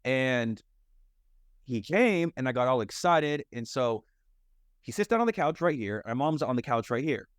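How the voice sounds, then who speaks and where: A man's voice: mid-range voice, expressive, moderate pace, smooth, no room sound, studio quality. A young American man, a mindset and fitness coach, candidly telling his life story in a podcast conversation, rambling with lots of "like" and "you know". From United States.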